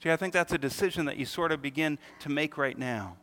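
A male pastor delivers a sermon in a bright, slightly raised voice. He leans on rhetorical questions and acts out little bits of dialogue. The sound carries a long hall reverb. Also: fairly high pitch, fast. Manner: emphatic preaching with rhetorical questions and acted-out quotes.

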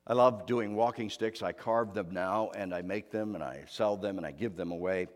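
Guy preaching a sermon, big swings from loud to near whisper, long echo hall. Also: lowish voice, normal speed. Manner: dramatic storytelling, shifting from loud to hushed. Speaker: pastor.

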